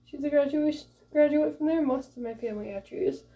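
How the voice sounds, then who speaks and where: A young woman from Michigan, a first-time mom, casually telling a story in a chatty, animated way, acting out the voices of the people in it. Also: high voice, fast talker, recorded from a distance. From Michigan, USA. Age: young adult. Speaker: vlogger. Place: home, late at night.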